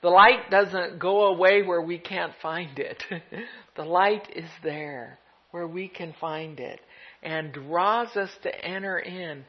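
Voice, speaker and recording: An unhurried pastor gives a gentle, reflective sermon, letting each thought settle. The recording is dull and lo-fi, with the top end muffled. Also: mid-range voice. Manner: gentle, reflective preaching with soft laughs.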